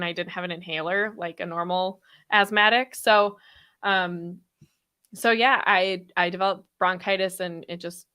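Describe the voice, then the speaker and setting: A woman in her thirties hosting a podcast live stream, talking fast and chatty with frequent laughs, her throat a little sore after being ill. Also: lowish voice, sharp tone, clean tone. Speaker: podcast host. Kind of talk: casual live stream chat.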